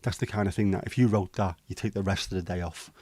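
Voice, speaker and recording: A man's voice: sits low, steady tone, fast talker, mellow, dry recording. A man with a Liverpool accent hosting a casual livestream, chatting through viewer comments with rambling, hesitant banter and the odd swear. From Liverpool, England. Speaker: livestream host.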